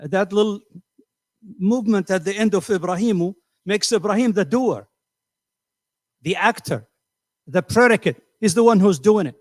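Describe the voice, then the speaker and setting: A man's voice: high voice, moderate pace, long pauses, dry recording. A middle-aged man teaching a class, asking his students questions and often repeating words as he thinks. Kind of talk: classroom lecture.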